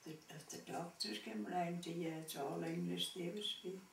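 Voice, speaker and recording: A man's voice: sits high, fairly even intonation, normal speed, vocal fry, a bit bright. An older man with a Donegal Irish accent, being interviewed, who speaks plainly and matter-of-factly. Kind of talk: casual chat. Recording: roomy, from a distance, faint hiss.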